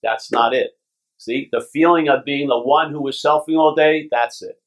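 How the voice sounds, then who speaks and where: A man's voice: medium pitch, moderate pace. A man from Long Island, a spiritual teacher giving a casual, blunt talk to a retreat group, swearing now and then and often checking with "yeah?". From Long Island, New York. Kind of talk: talk to a retreat group, reading passages aloud. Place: retreat gathering.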